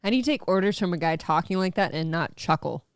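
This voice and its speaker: A woman's voice: lowish voice, animated, fast, clean tone, no echo, clean studio sound. A woman co-hosting a chat show, teasing her partner and laughing often. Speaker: co-host. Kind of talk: casual chat.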